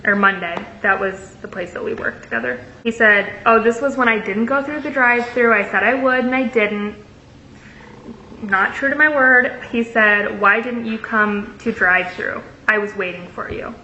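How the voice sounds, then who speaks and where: Bright-voiced woman telling a story. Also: fairly high pitch, normal speed. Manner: reads out messages, sarcastic asides. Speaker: vlogger. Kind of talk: casual storytelling vlog. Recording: echoey room, dull lo-fi sound, faint hiss.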